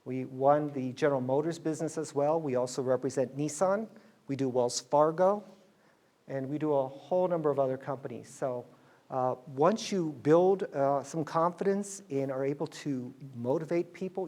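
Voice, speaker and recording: A man's voice: on the high side, normal speed, dark tone. A middle-aged man telling a business story to students, acting out the dialogue in quoted voices.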